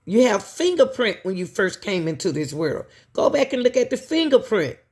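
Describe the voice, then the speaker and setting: A woman's voice: mid-range voice, sing-song, moderate pace, darkish tone. A woman host giving emphatic commentary to her viewers, repeating herself and asking pointed questions.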